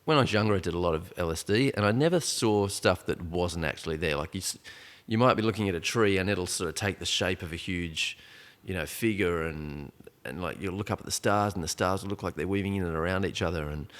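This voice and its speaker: A man's voice: deep voice, fairly quick, few pauses, a bit bright. A man around forty, a podcast guest telling a personal story in a rambling, casual way, full of restarts and fillers.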